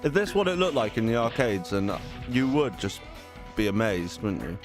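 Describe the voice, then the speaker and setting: A low-voiced man chats easily while he plays, joking about himself. Game music plays clearly underneath his voice. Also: animated, moderate pace. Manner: chatty, easygoing, self-deprecating. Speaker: streamer. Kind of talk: casual chat while gaming.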